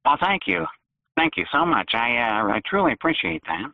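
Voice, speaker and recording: A man's voice: medium pitch, sing-song, normal speed, no echo. A male caller from Philadelphia talking in an exaggerated, cartoonish put-on voice, sarcastic throughout. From Philadelphia area, United States. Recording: phone line.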